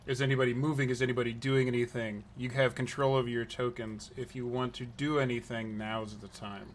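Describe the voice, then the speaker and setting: A man's voice: mid-range voice, level tone, brisk, slight background noise. A man running a tabletop game as dungeon master, playful, with dramatic outbursts.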